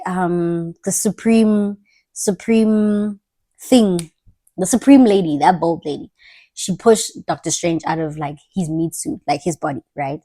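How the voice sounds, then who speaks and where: A young woman chats to camera in a loose, slang-heavy way. She tells personal stories in a diary-style vlog, and her voice sits at an everyday middle pitch. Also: a little mellow. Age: young adult. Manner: slangy, candid, storytelling. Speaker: vlogger.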